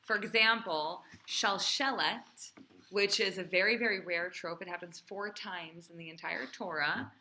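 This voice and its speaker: A woman's voice: on the low side, measured pace, bright, forceful tone. A female cantor teaching a class, quizzing and encouraging her students in a chatty way.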